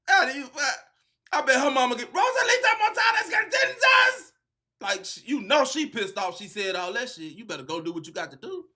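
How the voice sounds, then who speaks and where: A man hosting a casual reaction video, animated and profane, laughing and breaking into shouts. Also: high-pitched, a little fast.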